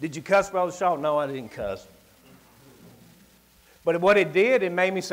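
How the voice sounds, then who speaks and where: A man with a rural Southern US accent preaching a sermon. He tells folksy personal stories and swings between loud declarations and quiet asides. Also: sits high, moderate pace. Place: church service.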